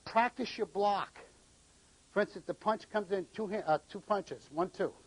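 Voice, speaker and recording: A man's voice: high voice, normal speed, poor audio. A middle-aged man from New England, a martial arts instructor who gives short commands and counts out the moves during a live demonstration.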